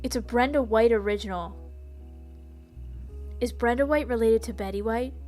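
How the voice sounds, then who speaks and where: A woman's voice: a little high, moderate pace, a little mellow. A woman streaming a detective game, chatting with viewers, giggling and reading the game text aloud. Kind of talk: casual let's-play commentary. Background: faint background music.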